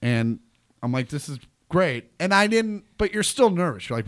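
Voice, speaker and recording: A man, a comedian guest, tells a story in relaxed chat. He acts out the people in it with sudden loud bursts. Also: a little high, normal speed. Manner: animated, acts out quotes loudly. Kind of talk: casual storytelling.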